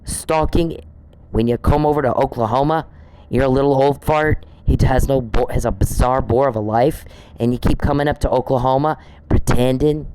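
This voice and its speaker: A man's voice: medium pitch, warm tone, a little hiss or hum, low-quality recording. A man on a podcast, delivering an angry, profane monologue aimed straight at one person he scolds. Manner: indignant, profane, scolding someone directly.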